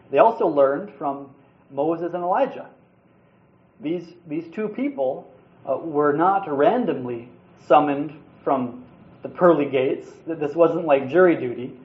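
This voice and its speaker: Earnest male preacher in a roomy space. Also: on the high side. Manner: earnest, conversational preaching with small restarts. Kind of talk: sermon. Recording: roomy, slightly dull sound.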